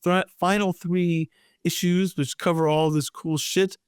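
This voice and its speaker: A man co-hosting a podcast, talking through a comic with many halting restarts. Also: high voice, steady tone, smooth, no echo, clean studio sound. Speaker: podcast co-host. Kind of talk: casual comic-book discussion.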